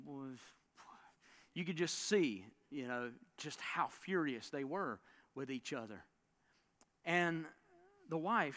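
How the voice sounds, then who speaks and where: A man preaching a sermon as a pastor, telling a story with dramatic swings between loud bursts and hushed lines. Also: fairly high pitch. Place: church sanctuary.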